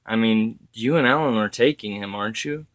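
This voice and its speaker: A man voicing a grieving grandfather, an older man whose strained talk breaks into anguished shouts. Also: lowish voice, moderate pace, natural voice. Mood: weary.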